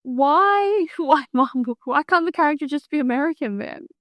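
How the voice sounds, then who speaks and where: A woman's voice: high voice, animated, normal speed, a bit bright, no echo. Incredulous woman co-hosting a film podcast. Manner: reactive, incredulous, laughing asides. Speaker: podcast co-host. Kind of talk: casual film-review chat.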